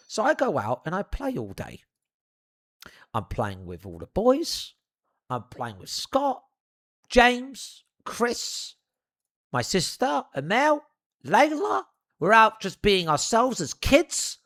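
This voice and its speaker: A young man telling a funny childhood anecdote in an animated, profane, theatrical way. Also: high-pitched, takes it slowly, long pauses. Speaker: storyteller. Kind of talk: comedic anecdote.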